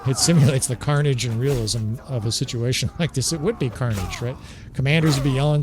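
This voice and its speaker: Excitable man commentating his game. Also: medium pitch, a little fast, slight background noise. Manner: excitable, swears, laughs often, keeps tagging "right?". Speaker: gameplay commentator. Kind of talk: casual gameplay commentary. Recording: game music playing loudly behind. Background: game soundtrack music.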